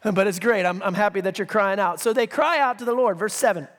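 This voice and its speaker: A man's voice: high voice, a little fast, a bit bright. A male pastor preaching a sermon in a conversational way, reading scripture with emphasis and dropping joking asides. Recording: long reverb of a large hall.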